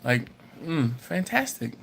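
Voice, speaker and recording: A man's voice: fairly high pitch, slow, vocal fry, slight background noise. A middle-aged man, hosting a casual livestream and telling stories while reading viewer comments aloud. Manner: storytelling, reads chat aloud, animated when excited. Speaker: BBQ channel host.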